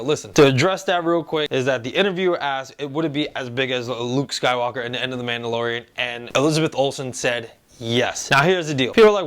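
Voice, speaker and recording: A young man hosting a casual review vlog, talking excitedly and acting out quotes in an animated way. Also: medium pitch, brisk. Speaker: host reviewing a TV episode.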